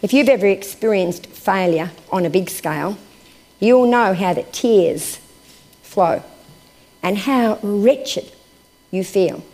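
Expressive woman preacher, hushed to lively. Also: medium pitch. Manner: expressive, swinging from raised emphasis to hushed, slow phrases. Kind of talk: sermon with scripture reading.

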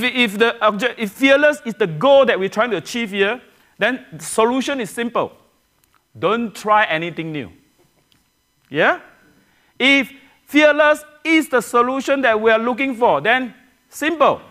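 Animated high-voiced preacher man. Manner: earnest, repeats and restarts phrases, asks the congregation questions. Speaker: pastor. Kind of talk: sermon.

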